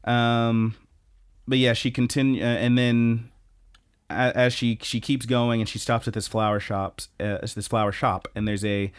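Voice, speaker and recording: A man co-hosting a podcast, recapping anime episodes in a lively, casual way with lots of ums and restarts. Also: on the low side, smooth, no room sound, clean studio sound. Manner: animated retelling, many ums and restarts. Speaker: podcast co-host.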